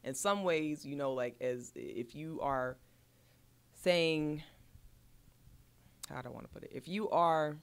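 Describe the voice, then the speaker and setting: A woman's voice: low voice, takes it slowly, pauses often, clean tone. A woman, an actress, chatting casually on a podcast and telling stories bluntly with plenty of swearing. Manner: blunt, profane, animated storyteller. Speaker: actress guest.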